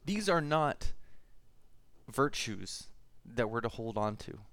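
A man's voice: medium pitch, sing-song, takes it slowly, fairly bright tone, slight background noise. A male pastor preaching a sermon, reading prayer and scripture aloud in an earnest way, with frequent restarts.

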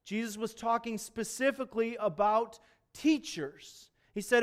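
A man preaching a sermon, talking to the congregation in a conversational way and swinging between emphatic loud peaks and hushed low asides. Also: unhurried. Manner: conversational, asks the congregation questions. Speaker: pastor.

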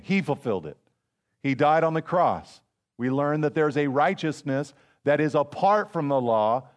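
Higher-voiced pastor preaching conversationally. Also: male voice. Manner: conversational preaching with personal stories and repeated phrases. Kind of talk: sermon.

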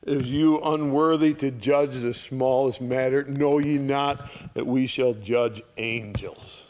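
A man teaching a Bible chapter verse by verse, reading lines and paraphrasing them in lively, pointed bursts, then dropping low for asides. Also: slow. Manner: animated, rising sharply to voice Paul's rebukes, dropping low for asides.

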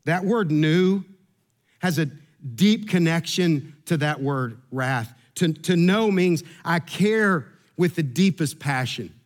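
A man's voice: on the high side, expressive, slow. A middle-aged man, preaching a sermon and telling a humorous personal story, earnest and given to repeating words. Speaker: pastor.

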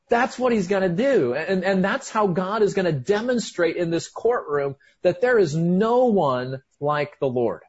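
Male preacher, high husky voice, fired-up and emphatic delivery, muffled lo-fi sound. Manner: excited, emphatic, with frequent restarts. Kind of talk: sermon.

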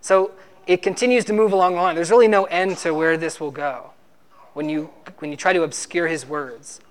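A man's voice: a little high, moderate pace, smooth. A man preaching a sermon, arguing emphatically and teaching with rhetorical questions.

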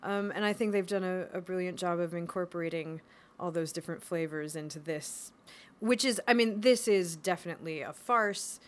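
A woman's voice: fairly low pitch, moderate pace. A woman with an American accent, an actress being interviewed, talking casually with frequent laughs and ums. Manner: warm, laughs often, many ums. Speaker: actress, guest.

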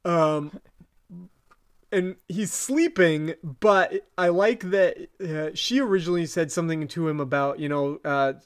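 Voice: mid-range voice, a little slow, clear, resonant tone. A podcast co-host in a casual chat, recapping a TV episode, laughing often and quoting the characters' lines. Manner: giggly, retells scenes by quoting characters.

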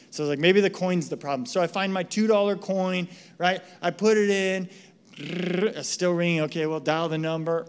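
High-voiced animated American preacher. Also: male voice, clear, resonant tone. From United States. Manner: animated storytelling, frequent "right?" asides. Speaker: pastor. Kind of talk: sermon with personal story.

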